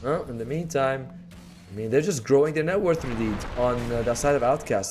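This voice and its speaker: A man giving relaxed, joking color commentary on an esports match. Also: medium pitch, brisk, background noise. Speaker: esports co-caster.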